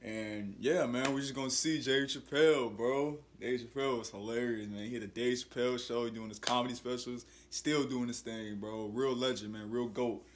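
A man's voice: mid-range voice, fairly even intonation, normal speed, hardly any pauses, a little hiss or hum. A man hosting a casual YouTube reaction video, laid-back and sprinkling his talk with slang.

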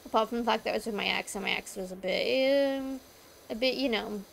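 This young British woman is streaming a game and chatting casually, wandering through stories from school with lots of "like" fillers. Her voice is a little high and gravelly, her tone steady, her pace a bit fast, and a faint hiss or hum sits underneath.

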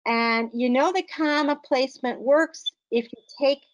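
Woman tutor, slightly high voice, patient, encouraging, step-by-step explaining. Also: measured pace, poor audio. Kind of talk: online grammar lesson.

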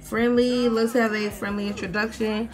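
A young woman, giving animated, swearing, mock-outraged commentary as she plays a life-sim game. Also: fairly high pitch, moderate pace, soft background music. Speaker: gaming streamer. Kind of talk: casual gameplay commentary.

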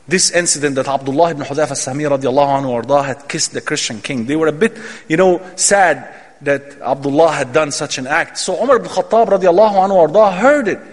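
A man giving an Islamic lecture, telling a story dramatically with emphatic quoted dialogue. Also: a little high. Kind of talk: sermon storytelling. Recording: long hall reverb.

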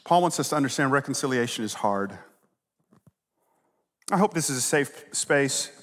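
A middle-aged man preaching a sermon as pastor, telling stories with animated swings from loud to hushed. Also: mid-range voice, normal speed. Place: church sanctuary. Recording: long reverb of a large hall.

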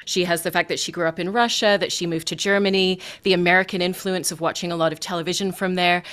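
A woman's voice: on the low side, steady tone, fast talker, a bit bright. A woman moderating a cast interview, asking long, detailed questions. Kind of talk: press junket interview.

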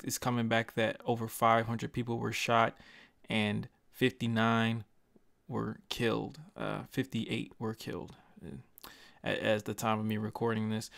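Gravelly, flat-voiced young man, halting. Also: mid-range voice, dry recording. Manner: earnest, halting, frequent restarts and stutters; passionate, swears casually. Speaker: YouTuber. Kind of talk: personal commentary vlog. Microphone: desk microphone.

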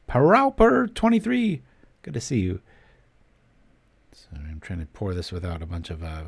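A man's voice: fairly low pitch, dark tone, dry recording. Chatty man streaming a card game. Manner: chatty, joking, reads chat aloud. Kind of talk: casual gameplay commentary with chat.

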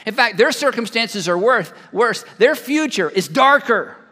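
High, bright-voiced preaching man. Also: unhurried, in a large hall. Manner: animated preaching, acting out both sides of imagined talks. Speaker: pastor. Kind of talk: sermon. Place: large church hall.

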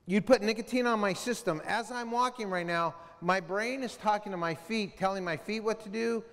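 Addressing students at a school assembly, a middle-aged man with a strikingly high voice speaks at a moderate pace. The talk is animated: he storytells, asks the room questions and imitates sounds, all echoing with long reverb from the large hall.

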